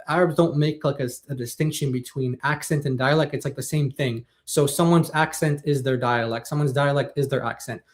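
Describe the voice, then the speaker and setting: A man co-hosting a live-streamed talk show, explaining points in casual chat and often restarting his phrases. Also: a little high.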